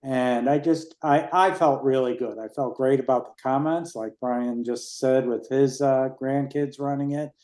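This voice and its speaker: A man in his sixties giving a rambling, relaxed report on the race he organizes at a town committee meeting. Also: medium pitch, a little slow, few pauses, reverberant. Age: 60s. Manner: rambling, relaxed, with fillers and restarts.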